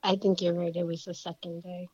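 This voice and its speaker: A woman's voice: fairly low pitch, little pitch movement, a little fast, warm tone, slightly rough, dry recording, dull audio. Dry-sounding New woman. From New York. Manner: short wry interjections and agreement. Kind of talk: casual chat.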